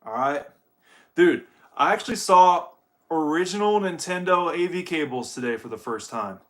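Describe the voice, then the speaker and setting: This young livestream host from Ohio, United States, has a slightly high, expressive voice and speaks at a normal speed. He chats casually and profanely with his viewers while setting up gear, rambling and addressing them as "dude."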